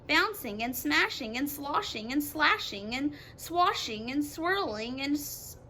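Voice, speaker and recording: A woman teacher reads a children's storybook aloud with expressive, dramatic pacing. Her voice is high and bright, and she leans into the action with lively emphasis. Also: a little hiss or hum.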